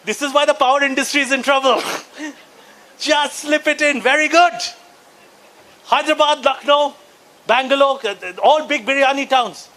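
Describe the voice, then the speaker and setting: A man from Calcutta with an Indian English accent, performing a stand-up comedy set in a brisk, mocking way and working the crowd. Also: very high-pitched, bright, forceful tone, rough recording.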